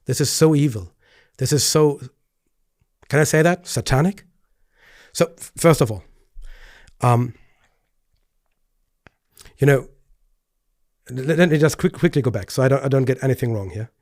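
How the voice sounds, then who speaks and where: A man, a pastor hosting a commentary video, speaking earnestly with stammered restarts and rising pitch when indignant. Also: moderate pace, pauses often, darkish tone, no echo, studio quality. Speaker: pastor and host. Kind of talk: video commentary responding to clips.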